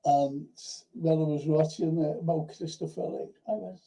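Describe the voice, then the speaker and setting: A male livestream host with a gravelly, very dark voice. He rambles through anecdotes in loose casual chat, swears easily and keeps circling back to restart his sentences. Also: fairly high pitch, fairly even intonation, moderate pace, few pauses, poor audio. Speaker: host of a film and TV review show.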